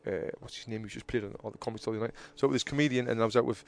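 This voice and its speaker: A man's voice: mid-range voice, racing. A man telling stories in casual chat, acting out arguments with rising heat. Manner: animated storyteller who acts out arguments loudly.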